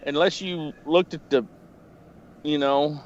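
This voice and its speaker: A man's voice: on the high side, takes it slowly. A man telling rambling, profanity-laced stories on a casual podcast call, speaking from home. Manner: profane, rambling, animated retelling. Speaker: podcast storyteller. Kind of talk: casual storytelling. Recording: lo-fi with faint noise.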